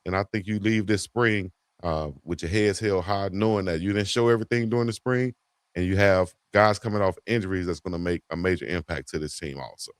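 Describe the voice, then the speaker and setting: A man's voice: low voice, fairly quick, no echo, studio quality. A man co-hosting a casual sports talk show, laid-back and fond of repeating a catchphrase. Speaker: co-host.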